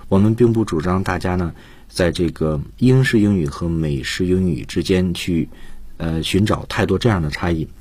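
A man teaching English on a radio lesson, explaining points in a calm, explanatory way. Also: low voice, normal speed, slightly rough, no room sound. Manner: explanatory, switches between Chinese and English.

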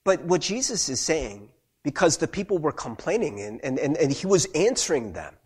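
A man preaches in a high, husky voice that swings widely up and down. He talks to his listeners in a loose, conversational way and often checks in with them. It sounds like a pastor speaking straight to his congregation. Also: very animated, normal speed, darkish tone. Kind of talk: sermon.

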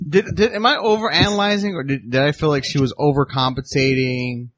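A man's voice: a little high, brisk, fairly bright tone, no room sound. A man hosting a casual comic book podcast, laughing easily and restarting his sentences. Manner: giggly, with hesitant restarts. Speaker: podcast host.

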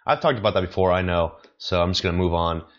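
A man's voice: low-pitched, quick pace, muffled recording. A man from the United States hosting a solo comedy podcast, meandering and chuckling at his own jokes. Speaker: podcast host, amateur comedian. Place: apartment in China.

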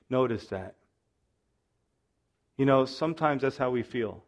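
A male pastor teaching verse by verse through a Bible passage, with an animated manner and playful asides that act out the characters' lines. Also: mid-range voice, normal speed, pauses often.

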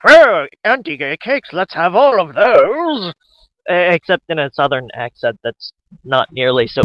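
Rambling joking man, slightly high. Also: fairly bright tone, dry recording, rough recording. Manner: rambling and joking, with restarts and mock quotes. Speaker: podcast co-host. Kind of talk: casual comedic podcast chat.

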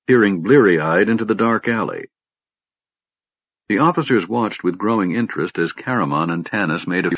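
Low, husky male audiobook narrator. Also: no room sound, highs cut off. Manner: measured storytelling. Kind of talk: scripted fantasy narration.

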